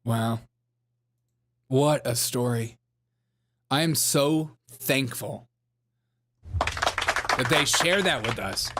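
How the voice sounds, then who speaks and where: A man's voice: medium pitch, very slow, long pauses, background noise. A man hosting a comedic commentary livestream, joking, laughing often and reading out the chat. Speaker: livestream host.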